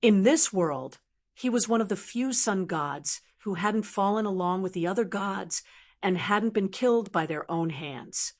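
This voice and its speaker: Woman narrating a fantasy audiobook, mid pitch, steady even reading. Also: measured pace. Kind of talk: scripted narration.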